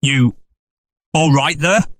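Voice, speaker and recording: A man voicing a slow, blunt rustic male innkeeper with a drawling dialect. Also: mid-range voice, a little hiss or hum, lightly acted. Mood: puzzled.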